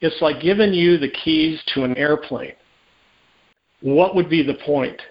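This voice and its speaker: Animated storytelling private investigator, man. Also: a little high, a little slow. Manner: animated, acts out quoted dialogue, many restarts. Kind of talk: conversational storytelling interview. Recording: dull lo-fi audio.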